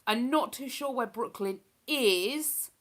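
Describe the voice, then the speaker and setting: A woman's voice: a little high, lively intonation, slow, a bit bright. A woman chatting casually on a live stream, rambling and laughing as she reads out messages from her viewers. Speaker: live streamer reading chat.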